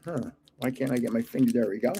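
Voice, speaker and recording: With slight background noise, an older man talks quickly in a medium-pitched, dark voice on his card channel. He chats casually through a pack opening, amused by his own guesses.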